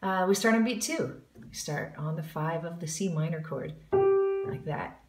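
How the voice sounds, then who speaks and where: A woman's voice: on the low side, unhurried, a little mellow, echoey room. A woman giving a jazz singing lesson, explaining the music and counting in before she scat-sings the examples. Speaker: vocal jazz teacher.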